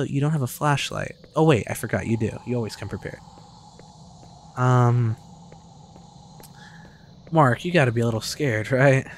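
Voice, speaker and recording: A young man streaming a game, giving loud and excitable commentary with lots of swearing and trash talk. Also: mid-range voice, a little hiss or hum. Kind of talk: casual gameplay commentary.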